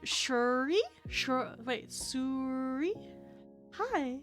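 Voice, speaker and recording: A woman VTuber streams from her home room, where her cat is with her, talking casually into a desk streaming mic. Her high voice is animated and she draws out her words, rambling with plenty of fillers and restarts as faint music plays behind.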